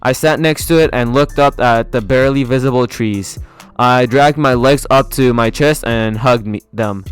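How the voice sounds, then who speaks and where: A man reads a fan story aloud, soft and steady, now and then stumbling and correcting a word. His voice is mid-pitched, smooth and clear. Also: faint music behind. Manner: soft, steady, slightly halting. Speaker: fan fiction reader.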